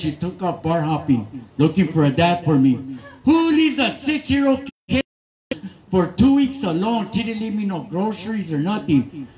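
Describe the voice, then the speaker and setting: Performing in a garage, this East Los Angeles comic and emcee has a high, sing-song, slightly mellow voice at a moderate pace. The recording is low quality, and his set wanders loosely with remarks aimed at the audience.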